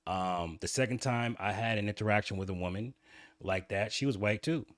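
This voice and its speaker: A man's voice: lowish voice, brisk, dry recording, clean studio sound. A man hosting his own channel, candidly telling a personal story in a rambling way with frequent restarts. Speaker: channel host.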